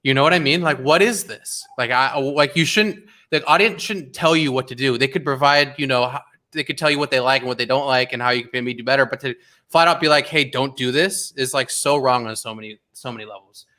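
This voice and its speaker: A young man hosting a casual livestream watch party, talking in an animated, rambling way full of fillers and restarts. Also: medium pitch, fairly quick.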